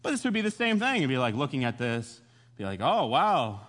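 A male pastor preaching a sermon, telling the story in a jokey, animated way and acting out voices. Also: mid-range voice, fast talker, long reverb tail.

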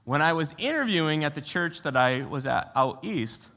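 This youth pastor, a young man from the US, delivers his sermon conversationally at normal speed, posing rhetorical questions to the room. His bright, slightly high voice has lively intonation and swings widely in pitch, and a large hall lends it a long, trailing reverb.

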